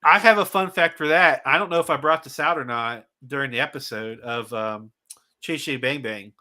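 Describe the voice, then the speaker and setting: A man's voice: mid-range voice, brisk, bright, forceful tone. A man co-hosting a casual live-stream chat, rambling and laughing easily while sharing fun facts. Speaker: co-host.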